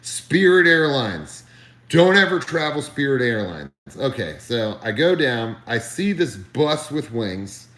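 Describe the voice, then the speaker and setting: A man on a live stream telling a comedic story, animated, ranting and swearing freely. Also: medium pitch, slow pace, reverberant.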